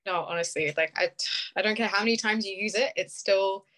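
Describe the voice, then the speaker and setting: A woman's voice: medium pitch, brisk, a bit bright. British woman, chatty, laughs often, casual video call, filler-heavy talk. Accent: British English. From United Kingdom.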